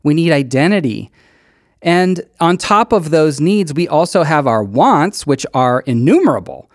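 A man preaching a sermon in an easy, conversational way. His pitch sits a bit high for a man and swings widely as he leans into his points. The sound is dry and close, with no room around it. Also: very animated, unhurried, no room sound. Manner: conversational, earnest, emphatic. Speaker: pastor.

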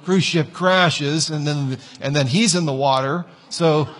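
Preacher, male, slightly high and husky, chatty sermon delivery with acted-out quotes. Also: measured pace, a bit bright. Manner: conversational, acts out whiny quoted voices. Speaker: pastor. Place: church.

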